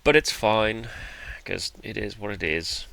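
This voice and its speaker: Gravelly low-voiced man. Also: unhurried, bright, forceful tone. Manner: laid-back and self-deprecating, with mild swearing. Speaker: card game player commentating his match. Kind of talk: casual gameplay commentary.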